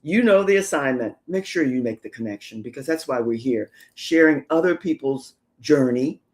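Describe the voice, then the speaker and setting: A woman's voice: very deep voice, animated, normal speed, a little mellow. A woman hosting a live show for women entrepreneurs, giving encouraging, repeated calls to action. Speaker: show host.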